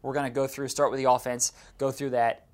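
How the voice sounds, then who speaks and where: A man's voice: mid-range voice, level tone, brisk. A man co-hosting a casual sports podcast, chatty, laughing often and stumbling over his words. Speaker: podcast co-host.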